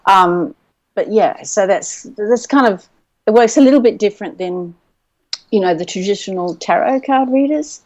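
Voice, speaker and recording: An Australian woman, a clairvoyant guest, explaining things in a relaxed way over a remote call. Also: mid-range voice, moderate pace. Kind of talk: casual interview chat. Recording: dull remote call line.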